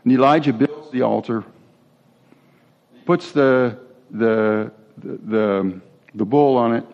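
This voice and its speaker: In a dull, lo-fi recording, a male pastor gives a sermon slowly in a mid-range voice with a gravelly creak. He keeps it relaxed and chatty, drifting into asides and starting sentences over.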